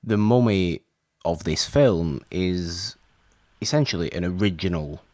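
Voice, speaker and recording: A man co-hosting a podcast, chatting casually about old films in an animated way and stumbling over his words now and then. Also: low-pitched, unhurried, no echo, studio quality. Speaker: podcast co-host.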